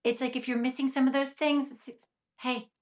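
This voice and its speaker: A middle-aged woman who practices acupuncture, talking as a guest in a chatty, animated way and acting out her inner thoughts as quick quotes. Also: high-pitched. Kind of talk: casual conversational interview.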